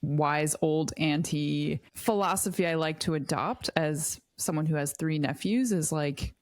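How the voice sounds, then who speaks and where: A woman's voice: low voice, a little slow, dry recording. A middle-aged woman hosting a podcast, reflective and wry, who corrects herself as she talks. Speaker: podcast host. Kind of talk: casual podcast chat.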